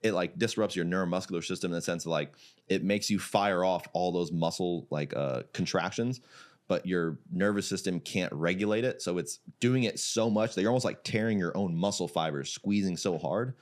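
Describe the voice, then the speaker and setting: A young man from Iraq with a low, deep voice tells a wild gym story in casual podcast chat. He is animated, laughs often and fills his sentences with "like". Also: brisk. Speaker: podcast guest, jiu-jitsu gym founder.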